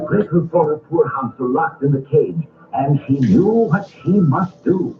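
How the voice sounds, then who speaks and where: A man narrating an old storybook cartoon in a measured, expressive reading voice, set a little higher than most men. The sound is thin and phone-like, with a roomy echo. Loud music plays underneath him. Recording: tinny old record with music.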